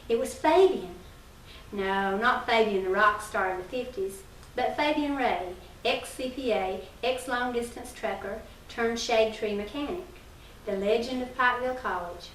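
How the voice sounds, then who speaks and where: A woman reading a humorous first-person short story aloud in a measured storytelling delivery, with a few small slips. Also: a little high, a bit bright. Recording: roomy distant early-1990s recording with faint hiss.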